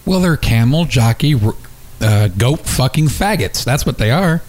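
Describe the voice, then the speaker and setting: A man's voice: mid-range voice, lively intonation, a little slow, darkish tone. A man co-hosting a talk show, chiming in bluntly with crude, profane remarks and egging the host on.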